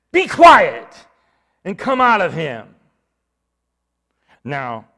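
A man preaching a sermon, reading out scripture and breaking into loud, emphatic bursts as he explains it. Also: mid-range voice, creaky. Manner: animated Bible exposition, rising to loud emphatic bursts.

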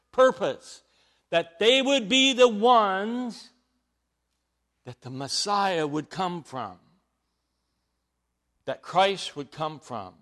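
A man's voice: high-pitched, a bit bright. A man preaching a sermon, teaching from scripture in an emphatic way, with frequent rising bursts of emphasis.

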